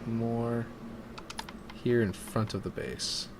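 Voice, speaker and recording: Speaking slowly in a steady, creaky, medium-pitched voice, a man streams as he builds a game map. He chats casually and thinks out loud, letting sentences trail away, with background noise present.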